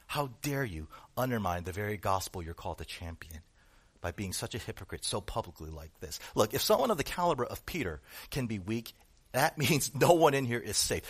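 A man's voice: medium pitch, very animated, moderate pace, fairly bright tone, breathy edge. A male pastor preaching a sermon to his congregation, with rhetorical questions and rising emphasis. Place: church room with a congregation.

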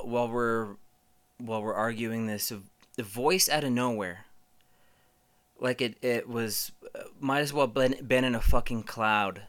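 Man telling stories in a bright voice. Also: medium pitch. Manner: profane, rambling, many fillers. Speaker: podcast host. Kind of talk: casual storytelling.

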